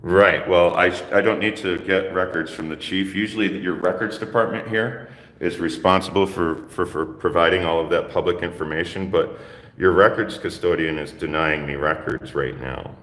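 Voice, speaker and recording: Low-voiced man in an echoey hall. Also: fairly bright tone. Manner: halting, full of fillers. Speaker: self-styled press auditor. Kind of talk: confrontational records request. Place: police station lobby. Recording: echoey hall, camera mic.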